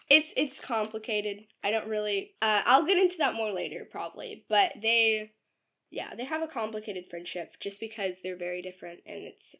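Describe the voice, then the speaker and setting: Talking loosely about the novel she wrote, this young writer and podcast co-host laughs a lot and fills her speech with ums and likes. The voice is mid-range and fairly bright.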